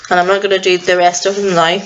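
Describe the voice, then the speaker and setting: A woman's voice: on the low side, level tone, fast talker, lo-fi sound, a little hiss or hum. A young woman vlogging at home in casual, rambling chat, a little self-deprecating about what she can't do. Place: at home indoors.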